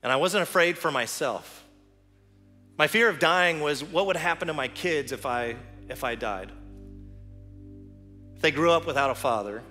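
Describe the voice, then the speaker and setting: A male teaching pastor giving an earnest sermon, telling a personal story and leading a quiet prayer, recorded in a church sanctuary. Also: fairly high pitch, animated, normal speed, long pauses. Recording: church hall reverb with music.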